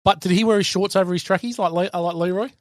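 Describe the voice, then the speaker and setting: A man's voice: sits high, steady tone, rapid-fire, no room sound, studio quality. A man co-hosting a podcast, chatting and bantering about films. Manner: banter, jokey interjections. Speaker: podcast co-host. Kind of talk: casual film review chat.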